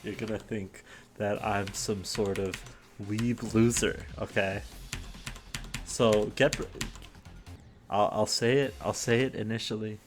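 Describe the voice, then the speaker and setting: A man's voice: on the low side, fairly even intonation, takes it slowly, long pauses, faint music behind. A young man hosting his own show in a casual solo monologue, rambling and self-deprecating with many restarts, a little out of breath. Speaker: host.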